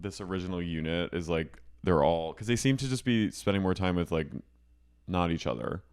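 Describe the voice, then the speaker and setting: A man's voice: low-pitched, a little fast, clean tone. A man co-hosting a podcast, chatting casually and animatedly in a TV recap, jumping in and giggling often. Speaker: podcast co-host.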